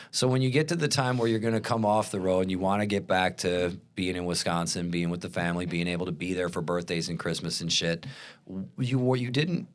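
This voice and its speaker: A man hosts a casual podcast, interviewing a friend in an easy, conversational way. He's enthusiastic and loose, swearing casually between questions. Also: fairly low pitch. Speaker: podcast host.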